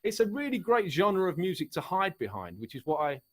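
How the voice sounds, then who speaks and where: Here the Essex-born middle-aged man, a musician and author, is again a guest in casual conversation, using his Essex English accent. His high voice swings widely in pitch and runs fairly quickly, and his talk wanders with frequent restarts.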